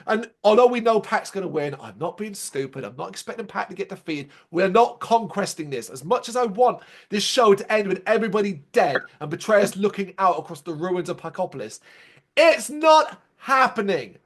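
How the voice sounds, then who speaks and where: A man co-hosting a podcast that reviews a show, talking in a casual, animated way. His voice sits high for a man. He is sarcastic and swears freely as he rants. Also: moderate pace. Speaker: podcast co-host.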